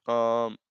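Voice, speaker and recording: Crude, joking young male streamer. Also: no room sound. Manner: crude joking, laughs often, rambling self-corrections. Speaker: livestream host. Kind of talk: casual live commentary reading chat.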